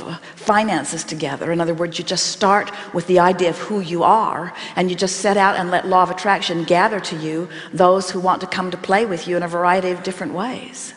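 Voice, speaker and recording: A woman giving an inspirational workshop talk, speaking as a collective "we" in a measured, emphatic way. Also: lowish voice, steady tone, long reverb tail. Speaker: channeled spiritual teacher speaking as a collective.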